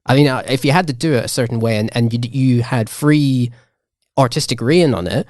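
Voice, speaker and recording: Male podcast co-host, mid-pitched voice, rambling and self-interrupting, dry close sound. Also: brisk, darkish tone, no echo. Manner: rambling, many restarts, laughs often. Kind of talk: casual debate chat.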